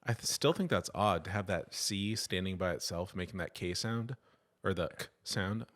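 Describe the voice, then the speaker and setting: A man's voice: low-pitched, normal speed, fairly bright tone. A middle-aged man co-hosting a casual podcast chat, joking and easygoing. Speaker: podcast co-host.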